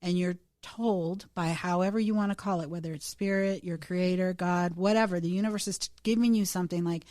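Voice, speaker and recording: Chatty, low-voiced woman podcast host. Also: fairly even intonation, a little fast, few pauses, darkish tone, dry recording, clean studio sound. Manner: chatty, self-deprecating, salty storyteller. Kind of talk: casual storytelling chat.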